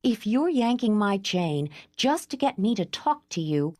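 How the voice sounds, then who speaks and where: A woman's voice: medium pitch, sing-song, measured pace, a little mellow, no room sound, clean studio sound, voice pushed up. A woman voicing a fiery, impulsive young woman who is worn out from travel, talking in an urgent, demanding way. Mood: alarmed.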